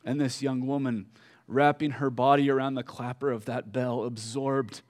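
A man preaching a sermon, telling a story slowly with fillers and pauses, dropping soft at solemn moments. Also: mid-range voice, steady tone. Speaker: pastor.

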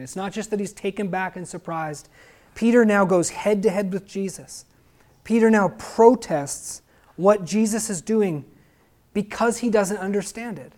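A man's voice: high voice, a little mellow. A male pastor giving an explanatory sermon who keeps asking his listeners rhetorical questions.

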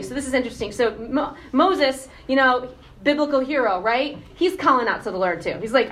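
A woman giving a casual, animated sermon, often asking the congregation questions. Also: high-pitched, brisk. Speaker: preacher.

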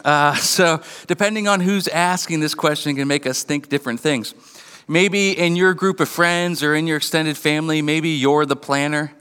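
A man's voice: on the high side, steady tone, moderate pace, bright, forceful tone, smooth. A man in his thirties giving a conversational sermon as pastor, joking and acting out little everyday scenes. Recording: long hall reverb.

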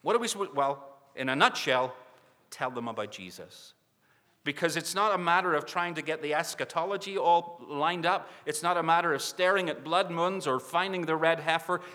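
A man's voice: on the high side, normal speed, sharp tone. Earnest preacher man in a reverberant hall. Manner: earnest, urging with repeated pleas. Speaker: mission society speaker. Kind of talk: sermon appeal.

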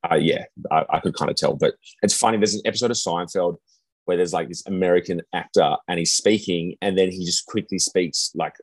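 Deep, husky Australian man, easygoing. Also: a little fast, no room sound. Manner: easygoing, lots of "yeah" fillers. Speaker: podcast co-host. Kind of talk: casual chat.

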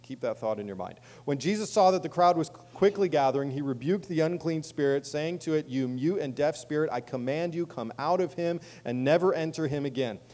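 Guy pastor preaching, chatty asides, kinda higher voice, gets loud on the big lines. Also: fairly quick, hardly any pauses. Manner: conversational preaching with asides and emphatic rises. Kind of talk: sermon.

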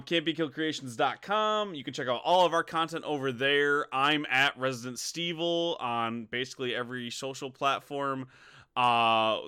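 Male podcast host: bright, smooth voice, joking and self-deprecating, dry close mic. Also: fairly high pitch, dry recording. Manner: joking, self-mocking, reads plugs from bullet points. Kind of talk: casual podcast chat.

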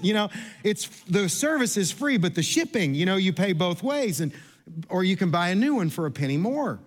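His voice sits high and sing-song, and he moves at a moderate pace while preaching in a church sanctuary. The pastor spins a story chattily and self-deprecatingly, with frequent restarts and acted-out voices for the people he quotes.

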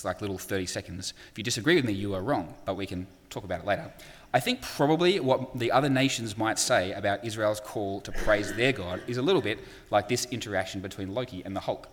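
A man's voice: mid-range voice, a bit bright, big-room sound. A man preaching a sermon in a conversational way, with frequent fillers and acted-out quotes.

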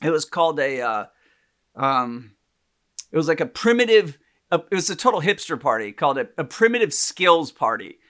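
Animated bright-voiced man telling a story. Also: on the high side, normal speed. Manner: animated, rambling with restarts and laughs. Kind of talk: casual chat, storytelling.

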